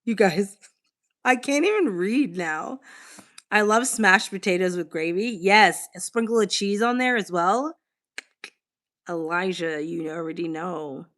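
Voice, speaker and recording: A woman with a mid-range voice hosts a relaxed livestream. She reads viewers' messages aloud and answers them in an easygoing, candid way, with the odd casual swear. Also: medium pitch, a little slow. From Boston, United States. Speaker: livestream host. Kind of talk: casual livestream chat, reading comments aloud.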